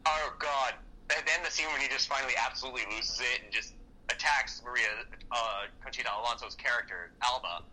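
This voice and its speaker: A man co-hosting a casual movie-review podcast, excitable and profane, often acting out lines from the film. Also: medium pitch, a little fast, low-quality recording. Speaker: podcast co-host.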